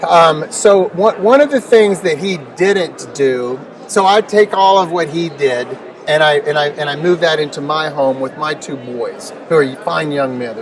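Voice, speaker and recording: Here a middle-aged interview guest's slightly high voice moves a little slowly yet with hardly any pauses. He shares personal stories forcefully, leaning on repetition and rhetorical questions, in a conversational storytelling format recorded through a distant mic with noticeable noise.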